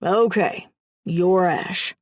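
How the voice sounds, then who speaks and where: A woman's voice: fairly low pitch, extremely slow, dry recording, clean studio sound. A woman voicing a stern undead grim reaper husband who speaks in short, clipped lines.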